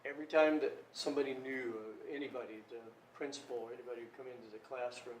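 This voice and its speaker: A man interviewing a guest in a relaxed, joking, conversational way. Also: medium pitch, fast talker, a little hiss or hum. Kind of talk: casual interview chat. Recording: roomy room, distant mic.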